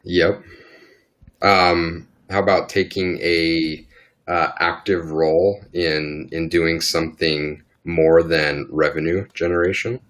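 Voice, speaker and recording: A man's voice: low voice, level tone, takes it slowly, fairly bright tone. A man co-hosting a casual chat show, laid-back and giving brief replies. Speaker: podcast co-host.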